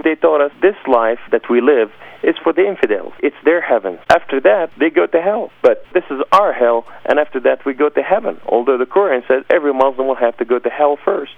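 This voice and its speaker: A man's voice: medium pitch, gravelly. A man giving an emphatic, dramatic personal testimony as an interview guest. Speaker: guest telling his testimony. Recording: dry, phone-like lo-fi sound.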